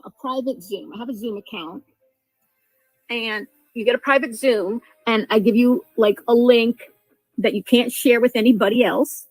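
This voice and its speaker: Woman streamer, slightly high voice, dry, faint music under, rambling. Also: darkish tone, no room sound, rough recording. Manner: rambling, halting, restarts often. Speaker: livestreamer in played clip. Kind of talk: livestream talk to viewers.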